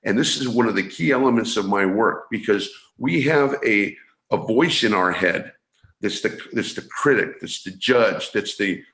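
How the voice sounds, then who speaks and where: A man from San Francisco, a guest coach, explaining his ideas in an interview over a video call. He talks in halting bursts, restarting and repeating words. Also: fairly low pitch, animated, fairly bright tone. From San Francisco, USA. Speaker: guest, energy awareness coach. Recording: echoey room sound.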